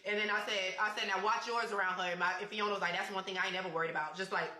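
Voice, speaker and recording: A woman telling a personal story in casual chat, animated and reading out text messages. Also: medium pitch, rapid-fire, reverberant.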